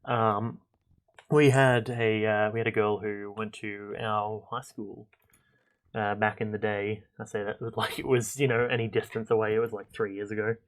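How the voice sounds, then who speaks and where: A man's voice: lowish voice, little pitch movement, normal speed. Young man rambling on a game stream. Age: young adult. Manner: rambling, chatty, thinks aloud with many fillers. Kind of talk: casual gameplay commentary.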